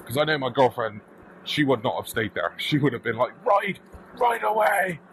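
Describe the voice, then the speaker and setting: A British man vlogging from his electric bike, telling an animated, casual story and swearing now and then. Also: medium pitch, a little fast, a little hiss or hum, low-quality recording. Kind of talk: casual storytelling while riding. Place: outdoors on a bike path.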